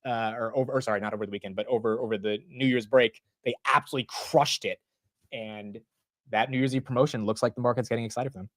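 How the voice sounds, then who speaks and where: A man in his twenties hosting a casual live market stream, rambling and excitable, often saying bro and dude. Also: medium pitch, fast, dry recording. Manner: rambling with frequent restarts. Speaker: stock market livestream host.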